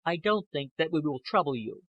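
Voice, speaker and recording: A man's voice: on the high side, animated, brisk, fairly bright tone, husky, no room sound, highs cut off, voice pushed up. A man voicing a composed young woman who speaks coolly and directly. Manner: cool, direct.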